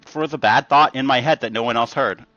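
A man's voice: mid-range voice, brisk, sharp tone, highs cut off. A man, a comedian guest, chatting casually in a rambling, self-mocking way, laughing often and peppering his talk with fillers. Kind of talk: casual podcast chat.

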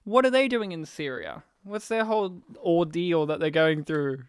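An Australian man riffing on a film in casual podcast banter. His voice is smooth and clear, recorded close and dry, and his delivery is loose, animated and full of laughter and swearing. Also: fairly high pitch, moderate pace, dry recording. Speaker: podcast co-host. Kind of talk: casual movie-review chat.

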